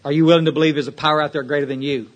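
A man's voice: on the high side, level tone, very fast. A man speaking from a podium at a recovery meeting, emphatic and preachy, repeating words as he restarts and checking that the room follows.

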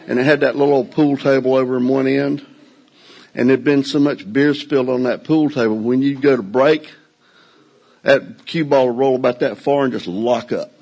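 A man's voice: medium pitch, creaky, darkish tone, breathy edge, rough recording. An older man telling a story on stage to a live audience in a folksy, self-mocking way. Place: indoor venue before a live audience.

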